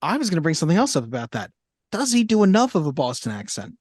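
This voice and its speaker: A young man co-hosting a movie podcast, joking and slipping into quick impressions. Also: on the high side, wildly swooping pitch, darkish tone, no echo, studio quality. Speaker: podcast co-host. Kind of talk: casual chat.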